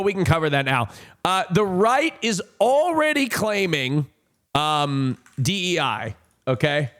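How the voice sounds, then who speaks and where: A young man talking casually to his stream from a home desk mic. He rambles and mocks himself, leaning on fillers. His voice is slightly high and swings widely in pitch. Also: a bit bright. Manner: rambling, self-mocking, frequent fillers. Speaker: livestreamer. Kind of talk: casual chat.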